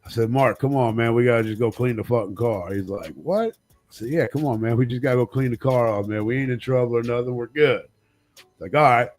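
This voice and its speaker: A man's voice: medium pitch, a little fast, soft background music. A man telling crude, profane childhood stories on a live talk stream, acting out the people in them. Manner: profane, animated storyteller, voicing friends and his dad. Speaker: co-host.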